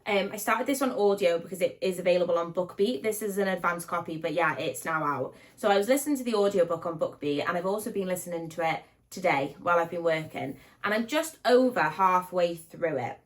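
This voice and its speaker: A woman's voice: on the low side, animated, a little fast, hardly any pauses. A young British woman chatting at home in a casual book vlog, bubbly and gushing, with lots of likes and ums. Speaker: book vlogger.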